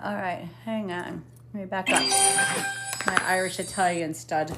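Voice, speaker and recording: A woman's voice: on the low side, fairly even intonation, normal speed, a bit bright, slight background noise. Chatty woman reading cards on a live stream. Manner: chatty, swears casually, hums while scrolling. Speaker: psychic medium hosting a live stream.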